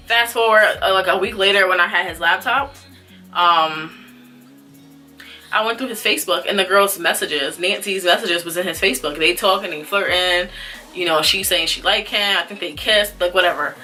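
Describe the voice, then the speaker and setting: A young woman tells a personal story straight to camera in a casual, chatty way. Her voice is bright and forward, and she slips into quoted dialogue with plenty of fillers. Faint music plays softly behind her. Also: fairly low pitch, moderate pace. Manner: animated, acts out dialogue, frequent fillers. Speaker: vlogger. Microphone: camera mic.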